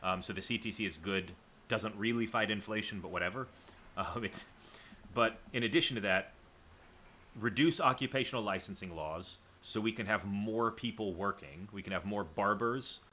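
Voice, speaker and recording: A man's voice: lowish voice, normal speed, sharp tone, slight background noise. A man from the American South hosting a livestream, chatting casually with viewers in a rambling, self-correcting way. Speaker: livestream host.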